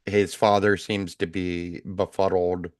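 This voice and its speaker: A man co-hosting a podcast in casual chat, halting and filler-heavy with many restarts. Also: sits low, level tone, no echo, studio quality.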